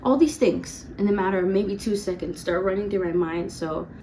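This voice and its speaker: A woman's voice: medium pitch, warm tone, a little hiss or hum. Chatty woman in her twenties telling a story. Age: 20s. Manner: chatty, lots of "like", quick laughs. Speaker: vlogger. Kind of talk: casual storytime vlog.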